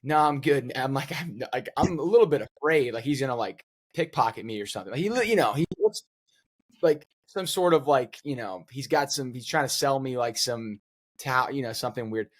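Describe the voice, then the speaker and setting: A man, a pro player and guest co-host, telling a rambling, animated story on a casual podcast. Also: medium pitch, brisk. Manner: rambling, animated anecdote with many fillers.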